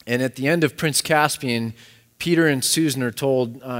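Earnest preacher in an echoey hall. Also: male voice, mid-range voice, moderate pace. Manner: earnest, repeats words as he restarts. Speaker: pastor. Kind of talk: sermon.

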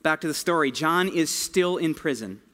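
A man's voice: fairly high pitch, expressive, normal speed, a bit bright. A man preaching a sermon in a casual, conversational storytelling way, full of slang. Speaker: pastor. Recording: long hall reverb.

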